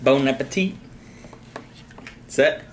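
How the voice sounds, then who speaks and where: A man's voice: medium pitch, slow pace, slight background noise. A man vlogger in casual chat, competitive and counting down the time in an eating challenge. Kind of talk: casual chat during a hot wing challenge.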